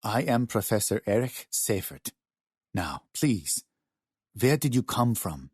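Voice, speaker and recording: A male narrator voicing a soft-spoken, nervous older professor. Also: lowish voice, big pitch swings, takes it slowly, husky, no echo, studio quality, heavily acted. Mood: timid.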